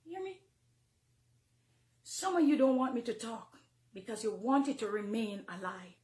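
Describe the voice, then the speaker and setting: A woman with a Jamaican accent, a minister speaking emotionally to her followers, swinging between hushed confiding and loud, heated outbursts. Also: on the high side, big pitch swings, normal speed, reverberant. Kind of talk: emotional personal address to followers.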